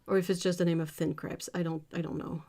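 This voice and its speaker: Chatty woman, low voice. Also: flat delivery, quick pace, mellow. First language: French. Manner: chatty and giggly, trailing off and searching for words. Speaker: art livestream host. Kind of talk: casual livestream chat, reading viewer comments.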